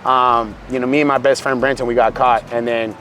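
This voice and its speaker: A man's voice: mid-range voice, a little fast, a little hiss or hum. A man from California with a Californian accent, telling a story in casual, profane talk and acting out quotes. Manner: animated, profane, acts out quotes. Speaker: streamer guest.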